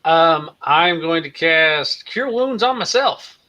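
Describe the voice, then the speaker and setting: A man's voice: a little high, expressive, slow, sharp tone. A man playing a tabletop game, casual and hesitant with fillers. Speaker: player. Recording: dull lo-fi sound.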